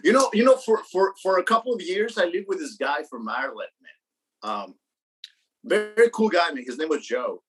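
A man's voice: fairly high pitch, sing-song, moderate pace, rough recording. A man co-hosting a casual beer podcast, rambling, swearing a lot, repeating words and calling people bro and man. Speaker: podcast co-host. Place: New York.

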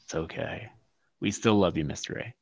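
A man's voice: sits low, moderate pace, vocal fry, husky. Profane, laughing man on a call. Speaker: podcast co-host. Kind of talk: casual chat. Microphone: video call.

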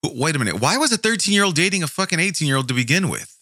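A man's voice: on the high side, very animated, very fast, pushed and bright, no room sound, studio quality. A man hosting a true crime podcast, reading case notes aloud and breaking off into profane, angry asides full of stammered restarts.

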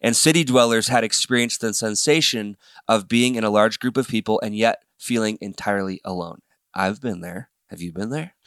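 A podcast host with a lowish voice and fairly bright, clean tone speaks at normal speed, recorded with clean studio sound and no room echo. Hosting a casual talk show, he reads from a book and chats between passages, laughing often and slipping in and out of a put-on New York accent.

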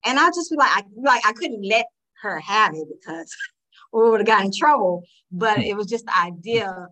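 A woman chats casually, her voice lively and full of restarts and "you know"s. She talks at an everyday middle pitch with animated swings when she acts out other people. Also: normal speed, poor audio. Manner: animated, lots of fillers and restarts. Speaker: guest panelist. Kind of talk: casual storytelling chat.

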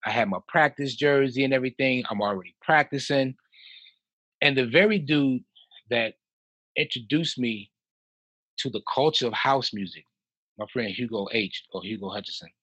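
A man in his fifties from Chicago, a house music producer telling stories as a podcast guest in a lively way, with frequent laughs and restarts. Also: medium pitch, normal speed, pauses often, breathy edge, no echo, poor audio. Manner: animated, laughs often, repeats and restarts. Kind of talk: casual storytelling in a podcast interview.

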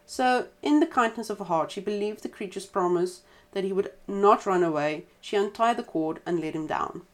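A woman's voice: medium pitch, moderate pace. Woman reading a folk tale aloud. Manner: relaxed reading with chatty side comments. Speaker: storyteller.

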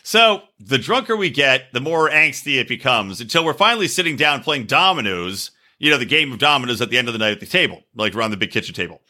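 A man hosting a podcast, telling a crude story in an animated way and shouting when he acts out quotes. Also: medium pitch, quick pace, hardly any pauses. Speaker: podcast host.

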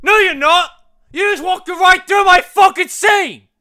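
A man impersonating a furious male movie star who shouts, swears and repeats himself over and over. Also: very high-pitched, unhurried, pitched above the performer's own voice, heavily acted. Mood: furious shouting.

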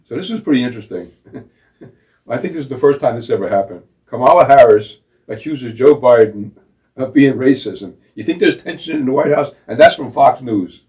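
A man's voice: mid-range voice, expressive, fairly quick, darkish tone. A middle-aged man co-hosting a casual talk show, sarcastic and mocking, laughing at his own jokes. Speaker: co-host. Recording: voice from a distance off the mic.

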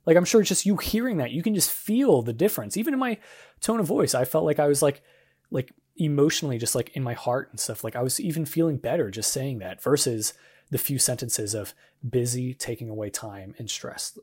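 This podcast host is a young man delivering a laid-back devotional monologue in an earnest, encouraging, chatty style. He has an expressive mid-range voice, brisk and slightly mellow, with a breathy edge.

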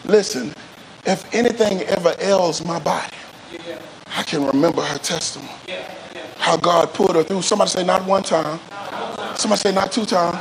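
A male pastor preaching a sermon with call-and-response, often rising into shouts and sung phrases. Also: high-pitched, moderate pace, vocal fry, noisy background. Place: church service.

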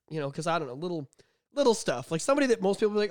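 A man's voice: fairly high pitch, very animated, racing, no echo, studio quality. A young man co-hosting a podcast in casual chat, crude and teasing, laughing often. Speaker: podcast co-host.

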